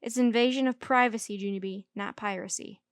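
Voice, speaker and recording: A woman voicing a patient male schoolteacher who speaks in a measured way and gently corrects grammar. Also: mid-range voice, fairly even intonation, dry recording, close to an everyday voice. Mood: correcting. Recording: dry close recording.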